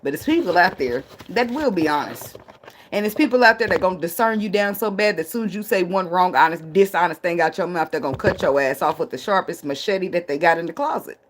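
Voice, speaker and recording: A woman's voice: on the low side, expressive, quick pace, a little hiss or hum. A woman giving a casual tarot reading, blunt and profane, laughing often and drifting into tangents. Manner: rambling, talks herself into tangents. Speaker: tarot reader.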